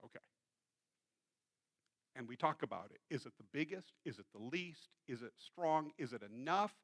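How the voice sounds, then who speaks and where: A man, a pastor, preaching a sermon in a church and telling a story in an animated way. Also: mid-range voice, moderate pace. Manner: storytelling, acts out quoted voices. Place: church sanctuary.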